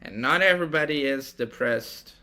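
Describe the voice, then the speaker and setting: A man's voice: mid-range voice, moderate pace, bright, forceful tone. A young man hosting a podcast alone, talking casually in a rambling, profane and reflective way. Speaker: podcast host. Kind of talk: casual solo monologue.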